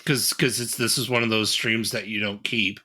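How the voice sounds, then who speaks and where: Bright-voiced, opinionated man chatting. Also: lowish voice, steady tone, moderate pace, slightly rough. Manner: opinionated, emphatic, with repeated restarts. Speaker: podcast co-host. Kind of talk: casual podcast chat.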